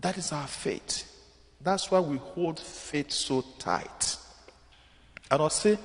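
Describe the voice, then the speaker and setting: A man's voice: a little high, slow pace, long pauses. A man with a Nigerian accent, preaching a sermon as a priest that mixes Igbo and English, asking the congregation questions and building up emphatic repetitions. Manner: call-and-response preaching, rising emphatic repetition. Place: church. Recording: long church reverb.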